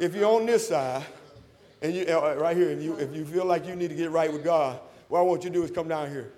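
A man's voice: fairly high pitch, quick pace. Fervent preacher in his sixties. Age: 60s. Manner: fervent, rising to shouts, calls and responses with the congregation. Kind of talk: sermon. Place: church sanctuary. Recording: long hall reverb.

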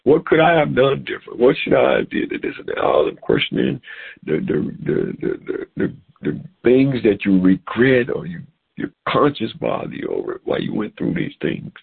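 A middle-aged man preaching a sermon over a phone call, animated and repeating words as he goes. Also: medium pitch, moderate pace, vocal fry, husky. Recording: tinny phone-line sound.

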